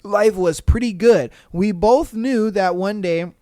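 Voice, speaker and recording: A man hosting a podcast on his own, reading listener stories and reacting in loose, animated slang with a lot of swearing. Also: high-pitched, slow pace, no echo, studio quality. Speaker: podcast host.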